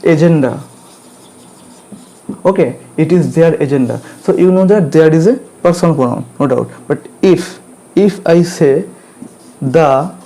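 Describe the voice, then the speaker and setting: A man with an Indian English accent, teaching a grammar lesson slowly and repeating himself, often checking in with "okay" and "clear?". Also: fairly high pitch, warm tone. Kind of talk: grammar lecture.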